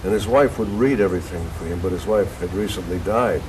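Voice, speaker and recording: An older man, an actor being interviewed, telling stories in an animated, rambling way with restarts. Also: low-pitched, quick pace, background noise. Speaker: actor guest. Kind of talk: conversational interview storytelling. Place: local TV studio.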